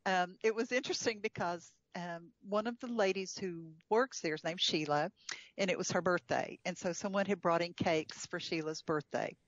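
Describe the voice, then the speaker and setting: Chatty woman guest, low voice, dull audio. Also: normal speed, no room sound. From United States. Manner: chatty storyteller, laughs often, frequent fillers. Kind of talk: casual chat.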